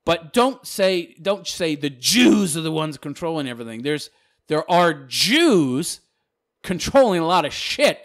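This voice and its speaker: A man ranting casually to camera as a video commentator, talking fast in a mocking, sarcastic way. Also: a little high, big pitch swings, fairly bright tone.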